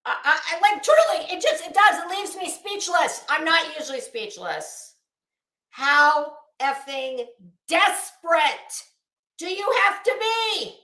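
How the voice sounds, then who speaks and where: Sassy high-voiced woman ranting. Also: lively intonation, sharp tone, roomy sound. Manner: sassy, exasperated, drawn-out emphasis. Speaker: YouTube commentary host. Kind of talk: casual commentary rant.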